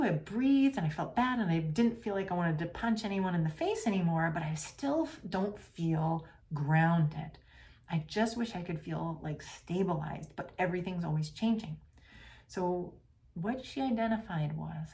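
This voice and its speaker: Woman podcast coach, kinda low voice, casual and earnest, slips into whispers sometimes. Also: expressive, moderate pace, a little mellow. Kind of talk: reflective podcast monologue. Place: home.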